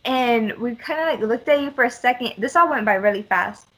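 A woman in casual chat, telling a story with animated quotes and frequent laughs. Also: fairly high pitch, a little fast, poor audio.

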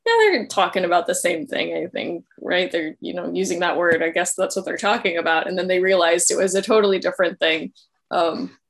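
A woman's voice: fairly low pitch, steady tone, a little fast, creaky. A woman guesting on a podcast, chatting casually and easygoingly about a book. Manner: easygoing, laughs often, agreeable. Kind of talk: casual book-club chat.

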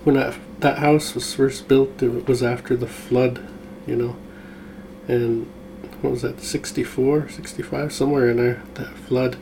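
A man hosting a podcast, chatting in a relaxed, reminiscing way. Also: mid-range voice, measured pace, a little hiss or hum, low-quality recording. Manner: relaxed, reminiscing, backchannels often. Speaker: podcast host. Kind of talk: casual conversation.

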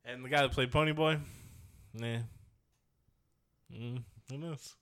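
Podcast co-host, man, mid-pitched and smooth; loose, rambling, full of fillers and swearing. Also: steady tone, a little slow, a bit bright. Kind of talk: casual chat.

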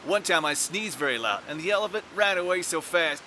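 Man as zoo train conductor, folksy, rambling, bright, slightly high. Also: expressive, brisk, a little hiss or hum. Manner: folksy, rambling tour patter.

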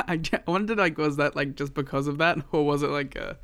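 A man's voice: fairly high pitch, a little fast, a bit bright, clean tone. A man co-hosting a casual wrestling podcast, rambling with lots of fillers and frequent laughs. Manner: rambling, says "like" a lot, laughs often. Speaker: podcast co-host.

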